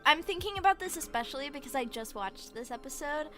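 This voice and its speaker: A woman streamer in casual chat, excitably rambling through a story with lots of "like". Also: high-pitched, fast talker, over music. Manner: excitable rambling retelling, heavy use of "like".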